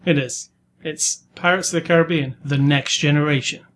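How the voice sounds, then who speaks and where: A man's voice: fairly high pitch, steady tone, moderate pace, a bit bright, slight background noise. A man co-hosting a casual movie-review podcast, easygoing and joking, a bit rambling. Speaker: podcast co-host.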